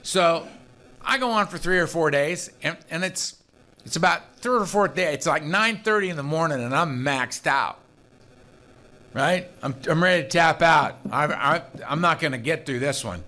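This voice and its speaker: A man giving a personal storytelling talk at a recovery meeting, animated, acting out the conversations he recounts, with a laugh now and then. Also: fairly high pitch, moderate pace. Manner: animated, acts out the dialogue he recounts.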